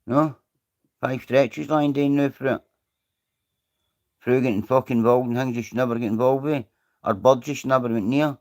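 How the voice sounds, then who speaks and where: Hosting a laid-back live stream, this man speaks with a Scottish accent in a mid-range, slightly mellow voice at normal speed, with fairly even intonation and frequent pauses. He rambles on, curses freely, and calls out viewers by name.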